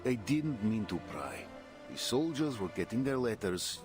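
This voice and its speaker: A man voicing a grave military commander in a solemn, steady voice. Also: lowish voice, unhurried, over music.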